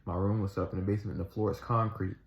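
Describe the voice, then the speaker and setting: A man with a somewhat low voice tells a personal testimony in a loose, casual way. He circles back, restarts and repeats himself earnestly. The recording sounds echoey and a little dull. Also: little pitch movement, racing, gravelly, slight background noise. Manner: rambling, restarts and fillers, earnest retelling. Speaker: Christian storyteller.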